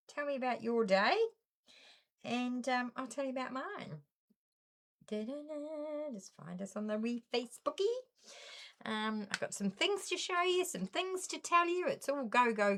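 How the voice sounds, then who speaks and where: A woman's voice: a little high, a bit bright. A middle-aged woman with a New Zealand accent, hosting a casual craft live stream and greeting viewers one by one by name.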